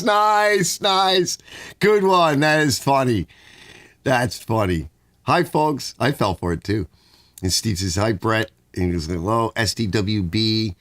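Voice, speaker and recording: A man's voice: mid-range voice, expressive, measured pace, a bit bright, dry recording. A middle-aged man hosting a casual livestream from his garage, reading viewer comments aloud and chatting. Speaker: livestream host reading chat. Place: home garage.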